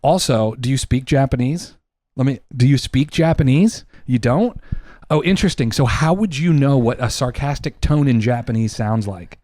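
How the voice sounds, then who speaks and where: A man co-hosting a podcast, delivering a heated, profane opinion rant, loud and emphatic. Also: mid-range voice, normal speed, no echo, studio quality. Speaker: podcast co-host.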